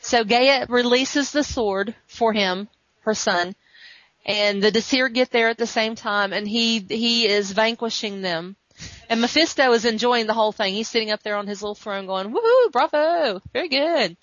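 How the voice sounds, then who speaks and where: A woman's voice: on the high side, moderate pace, no room sound. Woman animatedly retelling a comic. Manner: animated retelling, acts out quotes. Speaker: podcast host. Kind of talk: casual chat recapping a comic. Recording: muffled dry recording.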